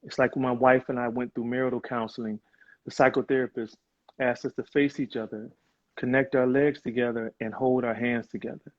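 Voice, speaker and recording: A man with a mid-range, level voice speaks briskly as a guest on a live video chat, earnest and reflective and full of fillers. The call audio is muffled and lo-fi.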